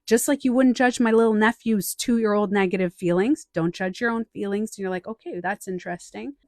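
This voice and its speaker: A woman's voice: medium pitch, moderate pace, dry recording, clean studio sound. A woman life coach and author talking on a live stream, telling stories with acted-out quotes and answering the chat. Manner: chatty, animated storytelling with acted-out quotes.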